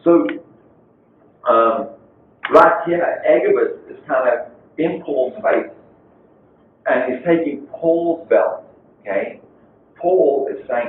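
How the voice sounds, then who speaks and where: A man's voice: medium pitch, takes it slowly, pauses often, a little hiss or hum. Male pastor, storytelling sermon delivery, distant mic in a reverberant church. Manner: storytelling, conversational preaching. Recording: echoey far-off phone-like church recording.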